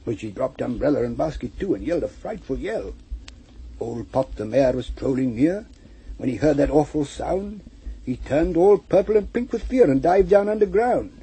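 Man, poetry reading, very husky, mellow, rhythmic lilting recital. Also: a little high, expressive, normal speed, rough recording. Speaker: reader.

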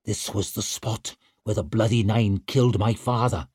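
A man voicing a sour, grim aging chieftain who speaks low and quietly. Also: fairly even intonation, normal speed, breathy edge, no room sound, clean studio sound.

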